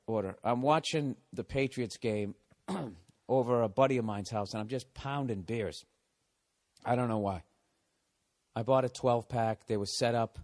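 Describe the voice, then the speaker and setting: A comedian hosts his podcast with a casual storytelling rant, his pitch sitting in the middle of the male range. He swears constantly and sounds exasperated. He stops to correct himself and restart the story mid-sentence. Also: dry recording, clean studio sound. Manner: profane, exasperated, heavy swearing.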